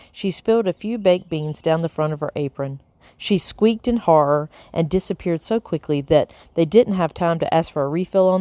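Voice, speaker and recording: Her voice sits low as she narrates the audiobook from a script, keeping an even, measured storytelling pace. There is no echo.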